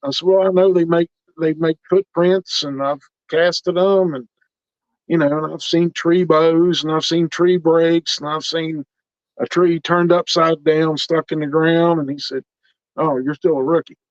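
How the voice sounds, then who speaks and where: A man's voice: a little high, a little slow, no room sound. A middle-aged man telling stories in casual talk, acting out the other people in each exchange. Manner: animated, quotes other people in dialogue. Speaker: interview guest telling his experiences. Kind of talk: casual storytelling. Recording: dull lo-fi recording.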